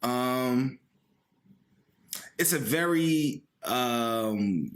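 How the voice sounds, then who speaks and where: A man's voice: mid-range voice, expressive, very slow. A young man from the Philadelphia area talks in an ordinary mid-range voice during a casual podcast chat. He is blunt and rambling, and he swears freely. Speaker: podcast co-host.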